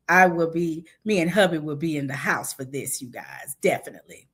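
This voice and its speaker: Woman livestream host, hype-girl energy, bright and animated, slightly high voice. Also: a little fast, hardly any pauses, husky. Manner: lively, hype, chatty with the audience. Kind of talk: casual livestream chat and event promotion. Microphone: video call style stream mic.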